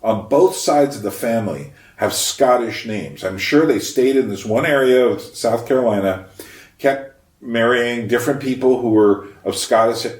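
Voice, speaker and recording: A man of middle pitch muses aloud in a casual history monologue, often pausing to find his words. He sits some way from the microphone, and the room around him rings with echo. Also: darkish tone. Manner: musing, thinks aloud with frequent pauses. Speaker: history vlogger. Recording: roomy echo, mic at a distance.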